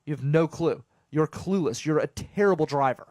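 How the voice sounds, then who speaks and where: A man's voice: a little high, normal speed, a little mellow, dry recording, studio quality. A young man from southwestern Pennsylvania hosting his own show, talking casually and animatedly to listeners, rambling with jokes and stammered restarts. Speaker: radio show host. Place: home studio.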